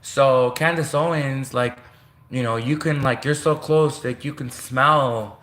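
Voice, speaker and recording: A man's voice: medium pitch, steady tone, unhurried, a bit bright, reverberant. A man from Canada talking in a rambling, meandering casual monologue, full of restarts and asides, seated at home. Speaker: vlogger. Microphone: home desk setup, seated in chair.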